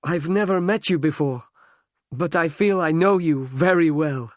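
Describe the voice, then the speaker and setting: A man reads aloud as a cheerful, modest, friendly male helper, using a fairly high voice pitched above his own yet close to everyday speech. He speaks unhurriedly, and the studio-quality recording has no echo.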